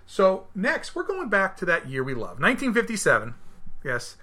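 A man in his thirties hosting a podcast in casual chat, animated, acting out quotes and often restarting his sentences. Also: sits high, normal speed. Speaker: podcast host.

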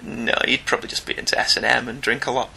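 A man's voice: mid-range voice, quick pace, creaky. A British man chatting casually and jokingly as a podcast co-host discussing comics. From Britain. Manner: chatty, jokey, animated.

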